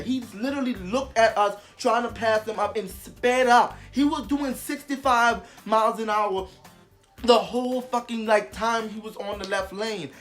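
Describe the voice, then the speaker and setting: A young vlogger telling a story casually, animated and emphatic, with heavy swearing. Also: medium pitch.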